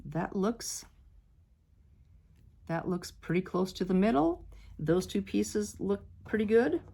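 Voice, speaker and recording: Chatting to "you guys" as she quilts, this woman vlogger frets over her work and then encourages herself. She speaks slowly in a warm, slightly rough mid-range voice with vocal fry and lively intonation. Her casual sewing talk-along is chatty and full of self-doubt.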